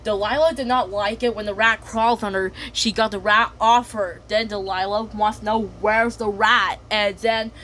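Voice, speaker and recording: A woman's voice: mid-range voice, fairly even intonation, moderate pace, few pauses, a bit bright, a little hiss or hum. A woman narrating an improvised story in a rambling way, chaining events with "and then".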